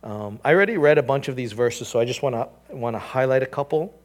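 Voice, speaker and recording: A man preaching from the pulpit as pastor. He drops low and quiet when reading scripture, then lifts his voice for emphatic points. He repeats himself as he works toward a point and keeps asking the room rhetorical questions. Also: animated, quick pace. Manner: repeats and restarts phrases, asks the congregation rhetorical questions. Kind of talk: sermon.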